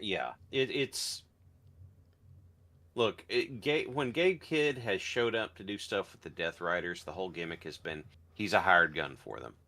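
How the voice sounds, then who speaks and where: A man's voice: sits low, measured pace, pushed and bright. A man co-hosting a podcast, talking emphatically and with exasperation in casual chat. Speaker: podcast co-host.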